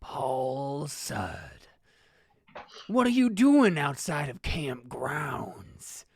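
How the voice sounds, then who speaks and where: A player voicing a creepy old male camp groundskeeper in a tabletop role-play, in a slow, menacing drawl. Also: medium pitch, very animated, husky, exaggerated voice.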